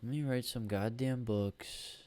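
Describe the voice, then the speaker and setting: A man's voice: medium pitch, fairly even intonation, a little slow, warm tone, no room sound. A man hosting a solo podcast on a USB microphone, rambling and grumbling with lots of swearing. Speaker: podcast host.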